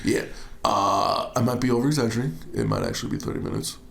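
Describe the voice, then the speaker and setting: A man hosting a podcast, telling stories in a casual, animated way and laughing often. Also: lowish voice, quick pace, vocal fry, roomy sound. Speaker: podcast host. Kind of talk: casual chat.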